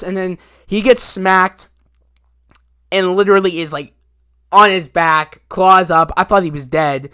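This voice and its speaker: A man casually recapping a TV episode in a rambling, excited way, full of fillers and quick asides. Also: high voice, clean tone. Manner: rambling, animated retelling with many fillers and acted quotes. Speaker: video reviewer.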